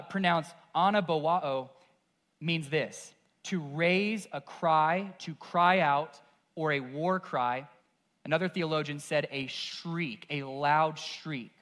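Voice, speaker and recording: A man preaching a sermon as pastor. His delivery is intense and moves from hushed to forceful. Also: a little high.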